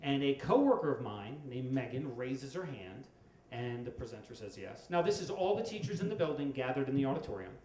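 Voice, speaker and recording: A middle-aged man telling a comic story on stage at a storytelling event, wry and with dramatic pauses. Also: mid-range voice, very animated, darkish tone. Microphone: stage microphone. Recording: echoey live room with faint noise.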